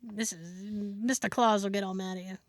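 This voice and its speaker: In a dry, clean studio recording, a woman at a medium pitch and moderate pace co-hosts a podcast. She tells a story in casual chat, vividly acting out the words of the people she quotes.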